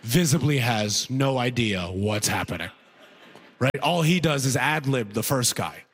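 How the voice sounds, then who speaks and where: A man's voice: medium pitch, expressive, a little slow, husky. A man doing stand-up comedy, telling a self-mocking story with lots of animation.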